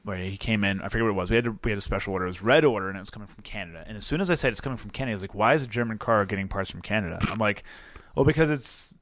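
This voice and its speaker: A man's voice: fairly low pitch, dry recording. A man co-hosting a casual podcast chat about cars, telling stories and acting out customers. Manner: animated storyteller, acts out customers. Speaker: podcast co-host.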